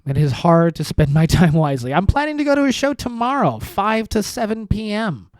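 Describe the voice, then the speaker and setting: A man's voice: sits high, sing-song, fairly quick, a little mellow, dry recording. A young man hosting his own podcast, rambling through self-deprecating jokes with lots of restarts. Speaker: podcast host. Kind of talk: solo comedic podcast monologue.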